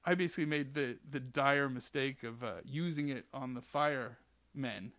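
A man's voice: medium pitch, normal speed, no room sound. A middle-aged man, a comedian co-hosting a podcast, telling a story casually and acting out the quotes. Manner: animated storyteller, acts out quotes. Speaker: comedian co-host. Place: studio couch.

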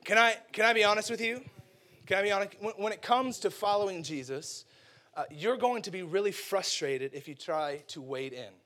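A man preaching a lively, casual sermon, acting out characters and using slang. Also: high voice, moderate pace.

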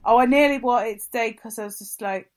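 High-voiced chatty woman. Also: fairly quick, a crowd in the background. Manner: chatty, animated storytelling. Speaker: podcast co-host. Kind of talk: casual chat.

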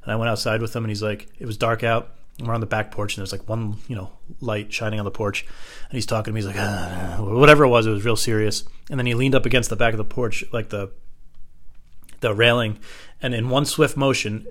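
Male comedian, rapid rambling delivery, profane and digressive. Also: on the low side, steady tone, fairly bright tone. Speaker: stand-up comedian. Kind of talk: rambling stand-up storytelling.

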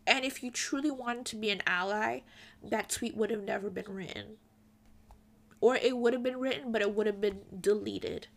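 A woman's voice: medium pitch, moderate pace, vocal fry, fairly bright tone. A young woman giving an earnest, pointed opinion commentary straight to her viewers. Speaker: commentary vlogger.

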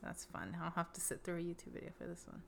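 A woman's voice: on the low side, steady tone, fast, vocal fry, fairly bright tone. A young woman co-hosting a podcast in casual chat, laughing often and poking fun at herself. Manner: giggly, self-deprecating, laughs often. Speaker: podcast co-host.

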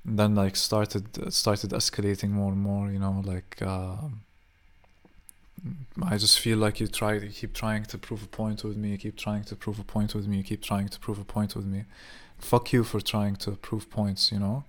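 A man's voice: fairly low pitch, monotone, moderate pace. A young man venting in a rambling, profane casual monologue, full of fillers.

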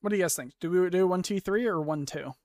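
A woman's voice: lowish voice, fast, warm tone, no echo, clean studio sound. A woman co-hosting a casual streamed podcast, chatty and giggling through her anecdotes. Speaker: podcast co-host.

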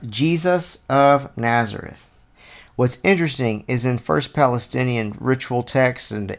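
Man teaching scripture in a chatty way. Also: medium pitch. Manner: conversational and digressive, thinking aloud with fillers; reads scripture aloud, then explains it. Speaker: Bible teacher. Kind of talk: informal Bible study teaching.

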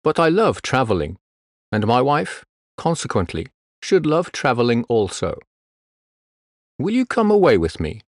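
A man's voice: medium pitch, huge pitch swings, unhurried, pauses often, no echo, clean studio sound. A man voicing a fussy, restless little male swallow in a storybook reading, with a chatty, exclaiming manner.

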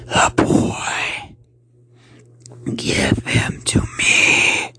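A man voicing a menacing monstrous creature in a raspy, unvoiced whisper. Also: drawn-out words, pushed and bright, heavily acted.

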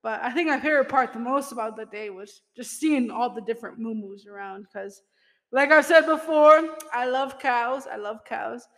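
A woman's voice: a little high, normal speed, a bit bright, in a large hall. A young woman telling casual stories in a chatty way, laughing often and using lots of fillers. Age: young adult. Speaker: podcast host. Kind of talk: casual storytelling monologue.

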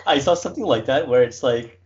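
A man's voice: mid-range voice, fairly quick. Man, casual chat host, rambling, filler-heavy, laughs a lot, dull lo-fi recording.

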